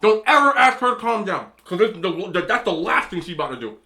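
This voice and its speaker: Animated man lecturing with emphatic warnings. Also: high voice, brisk. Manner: emphatic, animated advice to men; storytelling with repeated disapproving hums. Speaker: mukbang vlogger. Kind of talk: casual chat while eating on camera.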